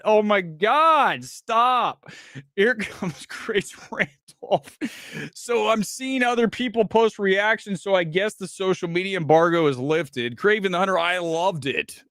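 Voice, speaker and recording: A man's voice: sits high, measured pace, dry recording, studio quality. A man hosting a live movie review stream, swearing often and cracking up with laughter. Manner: laughing hard, profane and animated. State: crying with laughter.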